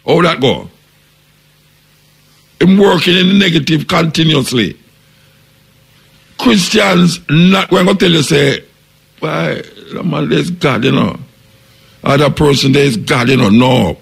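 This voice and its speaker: A man's voice: a little high, lively intonation, measured pace, creaky, long pauses, husky. A man with a Jamaican accent, hosting a radio talk show. He reasons through a long monologue, asks rhetorical questions and quotes other people in passing. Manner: preaching, posing rhetorical questions, quoting others in their voices.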